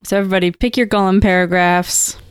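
A woman's voice: mid-range voice, steady tone, quick pace, smooth. A woman hosting a casual book discussion, chattily summarizing chapters. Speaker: podcast host.

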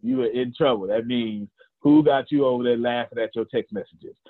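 Southern man in his forties, husky voice, dry phone-like call audio, folksy motivational coach. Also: mid-range voice, normal speed, dry recording. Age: 40s. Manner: folksy, repeats phrases, counts down, teases listeners. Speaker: coach hosting a group call. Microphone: video call.

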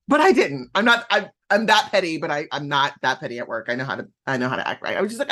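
A woman's voice: fairly low pitch, big pitch swings, quick pace, few pauses, a bit bright. A pregnant woman hosting a podcast, talking candidly in a casual monologue full of "um" and "like". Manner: candid storytelling, frequent "um" and "like". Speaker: podcast host.

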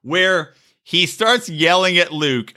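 A man's voice: high-pitched, expressive, takes it slowly, bright, forceful tone. A man co-hosting a podcast, ranting profanely about a reality show in casual chat and laughing often. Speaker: podcast co-host.

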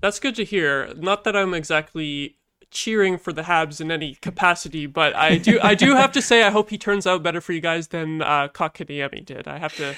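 Bright, smooth-voiced man host. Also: on the high side, a little fast. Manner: calm, asks questions, short agreements. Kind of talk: casual sports chat.

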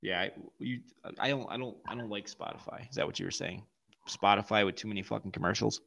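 A man's voice: on the low side, fast, creaky, pushed and bright. Profane, laughing podcast host man. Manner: crude, profane storytelling with frequent laughter. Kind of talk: casual chat.

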